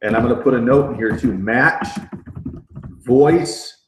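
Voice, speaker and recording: A man's voice: medium pitch, unhurried, slight background noise. A middle-aged man running a live sales training, talking with energy, repeating himself and dropping rallying "okay?" asides. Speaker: network marketing trainer. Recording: roomy echo.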